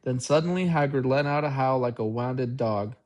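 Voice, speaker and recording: A man narrating an audiobook in an unhurried way, with an occasional slip and restart. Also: mid-range voice. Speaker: audiobook reader. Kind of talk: amateur storybook narration.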